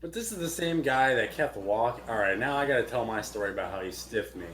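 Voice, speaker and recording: A young man co-hosting a podcast, telling a long story in casual chat, animated and swearing freely. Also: mid-range voice, fast, slight background noise. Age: young adult. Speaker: podcast co-host.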